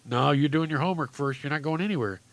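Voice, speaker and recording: A man voicing a strict mother who gives firm, flat commands in a joke. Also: on the high side, fast talker, dry recording, pitched above the performer's own voice, natural voice. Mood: stern.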